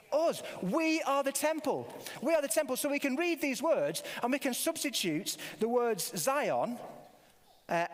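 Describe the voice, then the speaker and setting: Older male preacher, playful with kids, bright high animated voice, echoing church hall. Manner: playful, quizzes the children, many restarts. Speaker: preacher leading a family service. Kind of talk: all-age church talk with a toy dog. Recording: long hall reverb.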